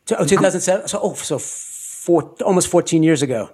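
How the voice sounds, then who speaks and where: A man hosting an interview podcast, talking in an animated way and laughing often. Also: on the high side, fairly quick, breathy edge. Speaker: podcast host. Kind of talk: conversational interview.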